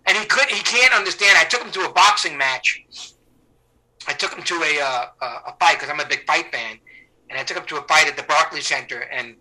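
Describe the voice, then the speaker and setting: A man's voice: on the high side, brisk, poor audio. A middle-aged man, an actor, telling stories casually in a rambling way, with many restarts and fillers, and acting out the people he quotes. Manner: animated, acts out the people he quotes. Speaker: actor, interview guest. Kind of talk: casual anecdotal storytelling.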